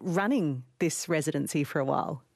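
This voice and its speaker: A woman hosting a radio book show, interviewing an author with bright enthusiasm. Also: low-pitched, brisk, creaky, slightly rough, no room sound, clean studio sound.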